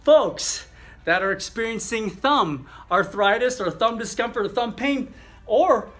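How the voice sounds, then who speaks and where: A middle-aged man with a fairly high voice walks viewers through a thumb exercise as a chiropractor. He talks loosely, with fillers, as he demonstrates each movement. Faint music plays underneath. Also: expressive, a little slow, a bit bright.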